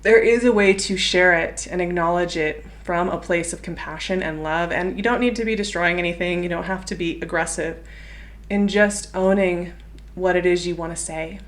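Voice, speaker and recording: A woman's voice: on the low side, normal speed. Earnest woman giving a tarot reading. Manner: gentle, earnest and encouraging, with frequent fillers. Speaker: tarot reader. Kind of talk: intuitive tarot reading monologue.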